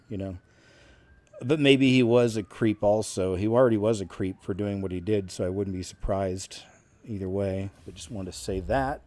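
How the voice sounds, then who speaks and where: A man's voice: lowish voice, dark tone, dry recording. A man hosting, giving casual, rambling commentary on clips. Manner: rambling, informal, with restarts. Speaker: host.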